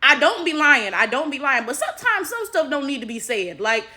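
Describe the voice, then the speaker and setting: An American woman talking straight to her viewers in animated, casual commentary. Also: high voice, a little fast. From United States. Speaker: vlogger.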